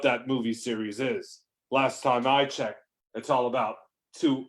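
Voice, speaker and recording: A man telling a rambling, improvised comedic story, interrupting himself and breaking into shouted lines. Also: mid-range voice, fairly even intonation, unhurried.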